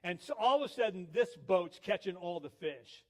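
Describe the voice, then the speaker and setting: A man's voice: high voice, expressive, normal speed. A male pastor giving a sermon, telling stories with acted quotes. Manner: storytelling with laughs, acted quotes.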